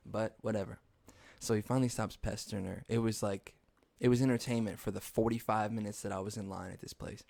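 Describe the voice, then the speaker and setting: A man's voice: fairly low pitch, fairly even intonation, a little fast, gravelly, a little mellow, dry recording. A young man hosting a podcast, rambling through casual, profane stories and laughing at his own jokes. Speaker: podcast host. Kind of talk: casual storytelling monologue.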